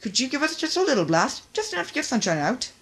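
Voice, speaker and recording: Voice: high-pitched, sing-song, fast, a bit bright, voice pushed up, heavily acted. A stern little tugboat who means business, as a reader plays him in a voice raised well above the reader's own. He presses his point with urgency. It sounds like a storybook read out at home. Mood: urgent. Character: stern, serious male tugboat. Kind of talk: storybook reading.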